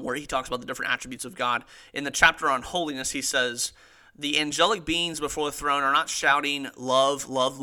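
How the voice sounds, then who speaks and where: Young male podcast host, earnest Bible teacher, very bright, slightly high voice, casual delivery. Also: smooth. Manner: earnest, reads quotes aloud with emphasis, frequent restarts.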